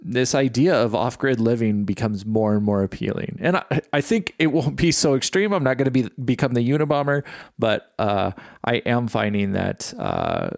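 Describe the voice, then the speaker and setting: A middle-aged man reflecting in a casual solo podcast monologue, halting and full of fillers and restarts. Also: mid-range voice, big pitch swings, creaky, no echo, clean studio sound. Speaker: podcast host.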